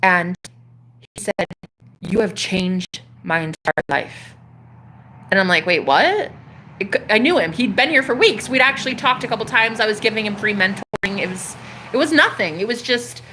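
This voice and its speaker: A woman in her thirties, a spiritual coach, telling a personal story to her viewers in an animated, casual way, swearing freely. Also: fairly high pitch, brisk, a little hiss or hum. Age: 30s.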